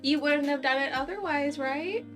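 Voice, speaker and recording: A woman playing a tabletop role-playing game, chatty and animated, full of "like". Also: sits high, normal speed, music in the background. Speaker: player. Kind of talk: tabletop role-play chat.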